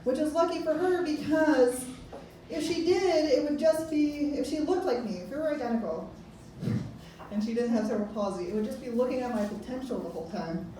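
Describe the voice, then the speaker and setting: A woman's voice: sits high, fairly quick, warm tone, a little hiss or hum. A woman in her thirties doing a stand-up comedy set, rambling and self-mocking, laughing at her own jokes. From Pennsylvania. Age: 30s. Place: comedy club. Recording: echoey club recording from far off.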